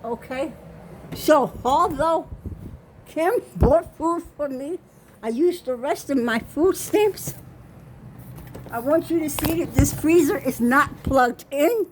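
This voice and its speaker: Older woman, high voice, unhurried, out of breath, insistent, phone in a small kitchen. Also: animated, background noise. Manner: insistent, keeps saying okay. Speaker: vlogger. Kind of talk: home video walkthrough. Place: small home kitchen, indoors.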